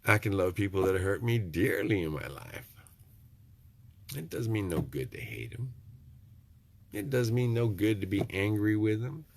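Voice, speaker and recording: A man's voice: fairly low pitch, big pitch swings, unhurried, vocal fry, pauses often, a little mellow. A middle-aged man, rambling in a folksy, preachy vlog monologue with joking asides. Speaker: vlogger.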